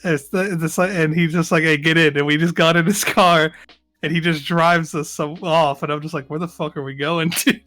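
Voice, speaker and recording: A man with a fairly high voice spins a loose, profane story for his friends. Faint music plays underneath the chat. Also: fairly even intonation, moderate pace, fairly bright tone, no echo, studio quality. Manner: laid-back profane storytelling. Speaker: podcast co-host. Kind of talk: casual chat among friends.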